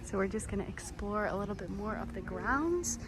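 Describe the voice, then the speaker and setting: A woman chatting excitedly as she films a travel vlog on a handheld camera while touring outdoors. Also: medium pitch, brisk. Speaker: travel vlogger. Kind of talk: casual travel vlog narration. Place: outdoors on a busy tropical island tour. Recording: clear crowd chatter behind.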